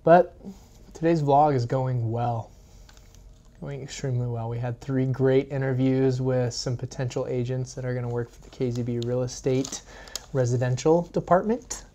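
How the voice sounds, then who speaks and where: A man's voice: mid-range voice, steady tone, moderate pace, mellow. A man hosting a casual vlog, chatty and rambling, sometimes losing his thread. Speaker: vlog host.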